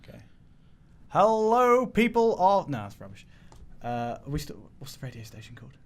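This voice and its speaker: A man's voice: mid-range voice, quick pace, darkish tone, breathy edge. A young man co-hosting a podcast, playful and teasing in casual chat. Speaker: podcast co-host.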